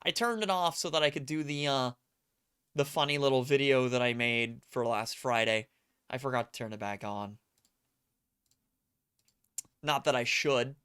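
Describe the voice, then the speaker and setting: Speaking at normal speed with long pauses, an adult live streamer has a clean, slightly bright mid-range voice. They chat casually with viewers, rambling through anecdotes, acting out quotes, and making fun of themselves.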